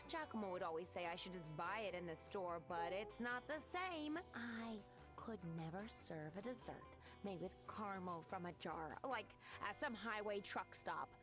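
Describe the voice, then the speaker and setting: Woman as a proud game baker, wistful, lively pitch, music bed. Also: normal speed, natural voice.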